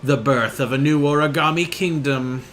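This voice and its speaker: A man voicing a grandiose male origami king villain, drawing his lines out slowly and theatrically while reading game dialogue aloud. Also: medium pitch, fairly bright tone, pitched above the performer's own voice, close to an everyday voice. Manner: slow, drawn-out and theatrical.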